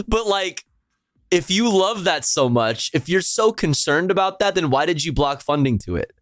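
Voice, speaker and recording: A man's voice: a little high, expressive, normal speed, no echo, studio quality, faint music behind. A man streaming live, reacting to a speech with sarcastic, profane, incredulous commentary and frequent laughter.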